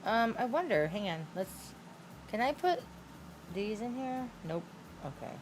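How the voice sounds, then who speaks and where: A woman's voice: a little high, very animated, measured pace, noisy background. A middle-aged woman streaming a game, chatting casually and telling stories, giggling often and swearing now and then. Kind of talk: casual livestream chat while playing.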